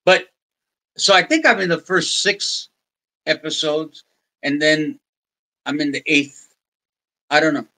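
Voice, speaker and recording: A man's voice: fairly high pitch, takes it slowly, pauses often, bright, forceful tone, rough recording. An older American man, a podcast guest, telling rambling stories with many restarts and quoted voices. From United States. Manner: rambling anecdotes with restarts, quoting others in put-on voices. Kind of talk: casual interview storytelling.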